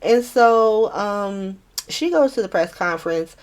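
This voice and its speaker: A woman's voice: mid-range voice, lively intonation, slow pace. A woman hosting a podcast, recapping a soap opera in casual, profane chat and acting out the characters' lines in shifting voices. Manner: chatty, profane, acts out quotes in shifting voices.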